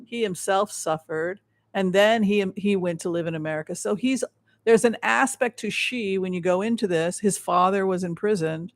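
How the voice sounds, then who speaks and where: High-voiced gravelly man, rambling. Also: moderate pace, no room sound. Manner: rambling with frequent restarts, emphatic. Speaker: psychic show host. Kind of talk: livestream tarot and remote-viewing commentary.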